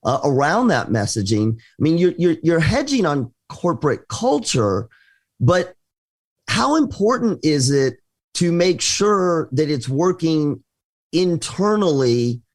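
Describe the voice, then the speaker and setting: Male business show co-host, slightly high voice, halting and self-correcting delivery. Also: sing-song. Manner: hesitant, many restarts and fillers. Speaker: podcast co-host. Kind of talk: conversational business talk.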